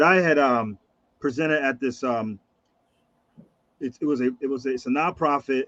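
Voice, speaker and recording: A man hosting an interview, asking halting questions full of restarts. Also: medium pitch, a bit bright, no room sound. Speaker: interviewer, host. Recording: dry, slightly dull sound.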